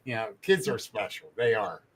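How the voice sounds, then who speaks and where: A man's voice: lowish voice, expressive, normal speed. An older man, a grandfather, telling easygoing stories in casual chat and chuckling as he goes.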